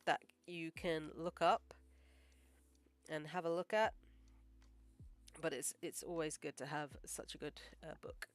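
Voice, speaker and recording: Speaking in a fairly low voice with no room sound, a woman animator chats casually as she draws on her livestream. Her talk rambles, stuffed with "like" and "um," and she sounds modest and encouraging.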